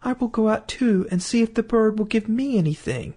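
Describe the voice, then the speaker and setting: Man putting on a little storybook girl, high childlike voice, bouncy. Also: animated, fairly quick, mellow, breathy edge. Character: little girl, tearful then joyful.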